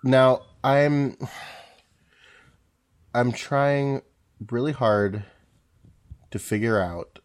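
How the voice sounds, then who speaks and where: A man's voice: medium pitch, very slow, long pauses, clean tone. A man co-hosting a podcast in casual chat, rambling through his points, laughing often and swearing. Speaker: podcast co-host.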